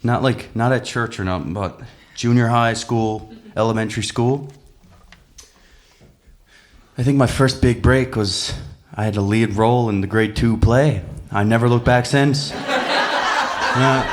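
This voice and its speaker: A man, a singer-songwriter chatting and telling relaxed, laughing stories between songs at a small live venue. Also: medium pitch, measured pace, a little hiss or hum. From Newfoundland, Canada.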